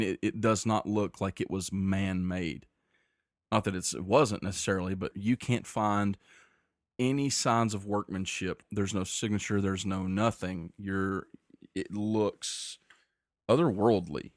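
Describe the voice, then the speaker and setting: Deep-voiced man running a tabletop game. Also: fairly even intonation, dry recording, clean studio sound. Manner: descriptive, measured storytelling with frequent restarts. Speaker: game master.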